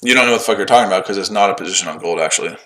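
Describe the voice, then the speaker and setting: A day-trading livestream host broadcasts live from his shed, firing sarcastic, profane comebacks at viewers in chat. He's combative and mocks the chat, talking very fast in a low, slightly bright voice over poor audio.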